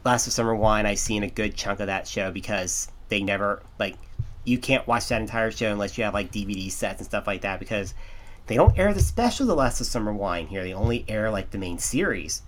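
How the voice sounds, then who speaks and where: A man's voice: lowish voice, animated, a little fast, fairly bright tone. Rambling man in casual podcast chat. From United States. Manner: rambling, many restarts and "like"s. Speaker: podcast co-host.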